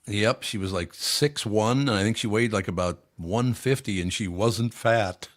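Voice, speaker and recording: A man's voice: on the low side, unhurried. An older man hosting a podcast, telling blunt, profane anecdotes in casual chat. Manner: blunt, swears freely, tells anecdotes. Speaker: podcast host.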